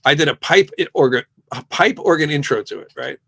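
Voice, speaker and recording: Middle-aged man telling lively band stories. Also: a little high, a little fast, creaky. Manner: lively storyteller who acts out quoted exchanges. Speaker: guest musician. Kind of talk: casual interview chat.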